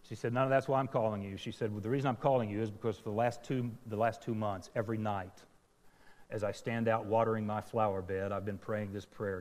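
A male preacher tells a personal story, poking fun at himself and acting out each voice in it. His voice sits a bit low, and a long reverb trails every phrase as it fills the sanctuary. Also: fairly even intonation, a little fast, darkish tone. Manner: self-deprecating storyteller, acting out dialogue. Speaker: pastor. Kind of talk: sermon storytelling.

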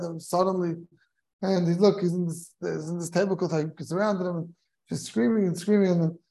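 Chuckling rabbi telling a Torah tale. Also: male voice, high voice, moderate pace. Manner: animated storyteller who chuckles while telling; peppers English with Hebrew and Yiddish terms. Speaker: rabbi giving a Torah class. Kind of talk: lecture with a humorous story. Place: study hall of a kollel.

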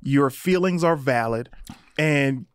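A man co-hosting a podcast in casual chat, speaking calmly and then with emphasis. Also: medium pitch, slow, clean tone, dry recording. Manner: calm, reassuring, then emphatic. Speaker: podcast co-host.

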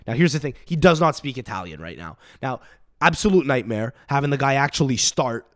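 A man's voice: medium pitch, expressive, brisk, no echo, clean studio sound. A man hosting a podcast, ranting in a rambling, profane, emphatic way, sick with a cough. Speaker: podcast host. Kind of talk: solo podcast rant.

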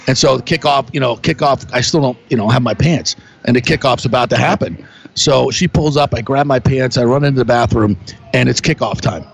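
A sports talk host with a gravelly edge to his voice, spinning an animated story. He jumps into quick impressions of the people he talks about, in a casual, chatty way. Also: medium pitch, slight background noise. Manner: animated storyteller, acts out quotes.

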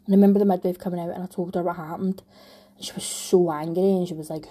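Young Scottish mum for a vlog: mellow, slightly breathy voice, candid and rambling, often restarts her sentences. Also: on the low side, fairly even intonation, fast. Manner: rambling, heartfelt, frequent restarts. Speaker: vlogger, new mum. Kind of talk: candid personal storytelling.

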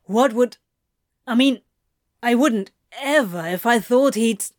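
A woman's voice: extremely slow, dry recording, clean studio sound. A woman reading aloud, voicing a flustered, foul-mouthed male demon who exclaims and grumbles in a raised voice. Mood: confused. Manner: swearing, exclaiming, rising to a higher pitch. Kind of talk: amateur audiobook reading.

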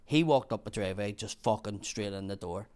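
A man's voice: on the low side, brisk, darkish tone, clear, resonant tone. A man telling a long, rambling story, swearing often. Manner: rambling, heavy swearing, laughs through the story. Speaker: guest storyteller. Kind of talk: casual storytelling.

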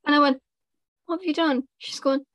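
A young woman with a high voice co-hosts a casual podcast, telling stories animatedly at a moderate pace. She acts out quotes as she chats, and the recording is dry.

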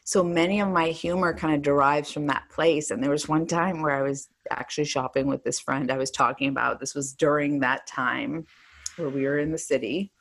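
A woman's voice: deep voice, a bit bright. A woman co-hosting a podcast, chatting casually and telling a rambling story full of "like"s, laughing often. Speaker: podcast co-host. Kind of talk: casual chat.

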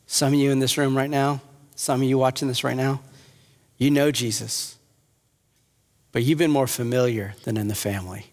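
A man's voice: medium pitch, steady tone, normal speed, pauses often, a little mellow. A man preaching an earnest sermon as a pastor, rising at times to impassioned appeals. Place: church hall with audience. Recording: long hall reverb.

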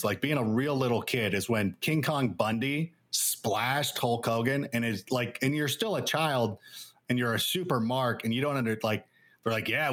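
A man being interviewed on a podcast, telling stories in a rambling, animated way with lots of fillers. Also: medium pitch. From Los Angeles area. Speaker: guest analyst. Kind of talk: casual interview chat.

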